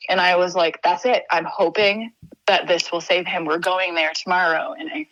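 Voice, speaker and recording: A young woman from Wisconsin speaks as a podcast guest, her voice sitting a little low and recorded close and dry. She talks earnestly and haltingly, often restarting her sentences as she works through a personal story. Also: steady tone, a bit bright, no room sound, muffled recording.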